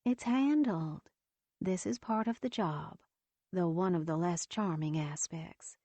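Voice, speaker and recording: A woman voicing a kind female nurse who speaks gently, steadily and reassuringly. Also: on the low side, slow pace, no room sound.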